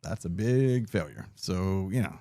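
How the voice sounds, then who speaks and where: Male podcast host, casual and loose, cusses freely, low voice, dry close sound. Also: expressive, measured pace, mellow, no echo. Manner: laid-back, laughs often, swears freely. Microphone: podcast mic on a mixer.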